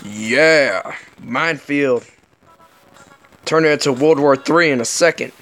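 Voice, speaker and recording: A man doing let's play commentary, excitable and joking, swearing often. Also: fairly high pitch, takes it slowly, faint music behind. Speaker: gaming commentator.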